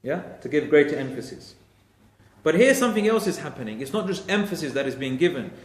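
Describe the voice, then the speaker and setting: Slightly high-voiced man teaching in an echoey room. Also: big pitch swings, fast talker. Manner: repeats key phrases for emphasis; explains Arabic grammar step by step. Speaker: Quran teacher. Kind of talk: Quran exegesis class.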